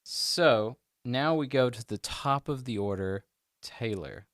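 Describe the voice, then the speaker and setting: A man runs a tabletop game as game master, relaxed and chatty. His voice is smooth and full, recorded dry on a close podcast mic. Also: medium pitch, slow, no room sound.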